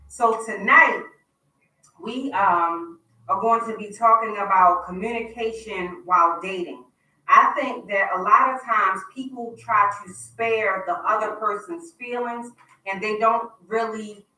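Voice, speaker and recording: A woman's voice: mid-range voice, pushed and bright. A woman hosting a talk radio show, making upbeat, chatty announcements from a studio. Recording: roomy, distant mic.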